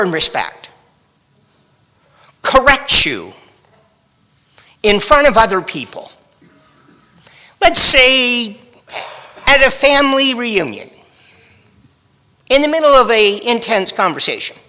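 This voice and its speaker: A man's voice: very high-pitched, bright, forceful tone, big-room sound. A man preaching a sermon in a wry, dramatic storytelling manner. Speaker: pastor.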